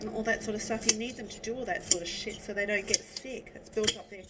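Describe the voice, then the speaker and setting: Speaking fast with hardly any pauses, a vlogger with a mid-range voice rambles through casual chat while she cooks at home, breaking into her own sentences. Onions have made her teary and sniffly, and the distant mic is swamped by heavy noise from clattering cutlery and dishes.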